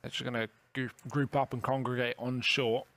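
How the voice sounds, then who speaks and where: A man commentating a competitive shooter match, calling plays quickly and joking with his co-caster. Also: medium pitch, level tone, a bit bright, no room sound. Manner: jokey banter between calls. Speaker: esports caster. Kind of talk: play-by-play commentary.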